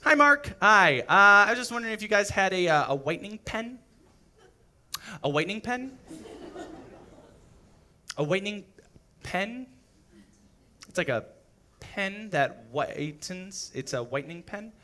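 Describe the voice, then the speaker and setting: A man's voice: high voice, animated, unhurried, long pauses, pushed and bright, a little hiss or hum, exaggerated voice. A man playing a flustered awkward shopper. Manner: hesitant, full of uhs, repeating himself. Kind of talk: live comedy sketch. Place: comedy venue stage.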